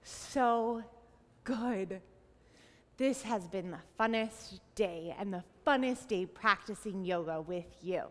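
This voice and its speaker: A woman's voice: mid-range voice, slow, a bit bright. A young woman leading a yoga class for children, playful, sing-song and encouraging, with animal sounds. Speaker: kids yoga teacher. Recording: long reverb in a large room.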